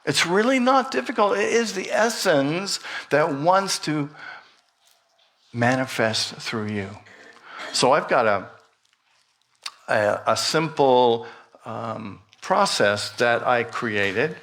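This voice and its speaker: A middle-aged man speaks from a church pulpit, calm and very unhurried. His voice sits at an ordinary pitch, and he gently guides the listeners through a breathing meditation with light humor. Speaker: minister. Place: church sanctuary.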